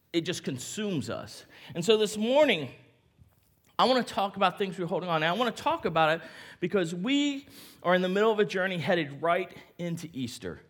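A middle-aged man, a pastor, preaching a sermon in a church and acting out the voices of a story he tells. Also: a little high. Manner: animated, acts out voices in a story. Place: church sanctuary.

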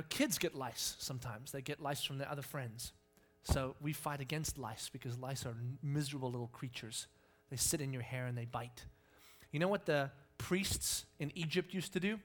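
A man preaching a sermon, animated and playful, acting out scenes with sudden yelps. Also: medium pitch. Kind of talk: sermon with lively storytelling.

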